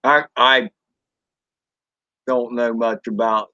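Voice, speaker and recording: A man with a Southern US accent talks with his live-stream viewers, slow and unhurried, rambling in a folksy way. His voice is dry and close, with a slightly dull, lo-fi sound. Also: mid-range voice, steady tone, sharp tone, dry recording. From Southern United States. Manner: rambling, folksy, drawn-out fillers, mild swearing. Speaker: drone channel host reading live chat. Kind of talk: casual live-stream chat.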